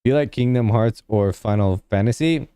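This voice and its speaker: A man's voice: medium pitch, a little fast, warm tone, clean tone, dry recording, clean studio sound. A young man casually chatting with his livestream viewers, rambling and filling his talk with "like". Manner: rambling, heavy use of "like" fillers; laid-back, talks to chat.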